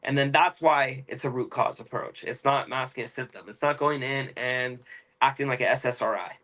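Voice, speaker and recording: A young man, an interview guest, explaining at length in a fast, emphatic, casual way with slang. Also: medium pitch, bright, forceful tone, poor audio.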